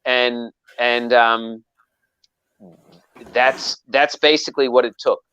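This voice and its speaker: Speaking slowly in a smooth, mid-range voice, the knifemaker guest rambles through a long, casual story, restarting often and performing quoted lines with animation. The audio sounds muffled.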